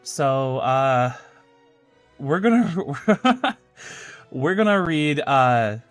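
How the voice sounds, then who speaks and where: A man's voice: fairly high pitch, sing-song, drawn-out words, faint music behind. A male streamer chatting loosely and swearing freely, then reading fan fiction aloud. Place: home streaming setup.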